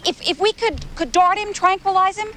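A woman's voice: extremely high pitch, moderate pace, pushed and bright. An actress in her thirties playing an earnest marine biologist who argues her case eagerly. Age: 30s. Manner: eager, persuasive.

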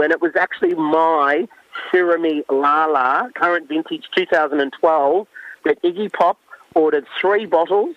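A man's voice: fairly high pitch, normal speed, no echo, highs cut off. An Australian man in his forties, a winemaker guest, telling stories in a chatty, enthusiastic way with many fillers. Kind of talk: casual storytelling.

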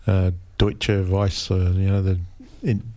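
A man's voice: low voice, completely flat delivery, slow pace, mellow. A man chatting casually as a radio guest, rambling and hesitant as he talks.

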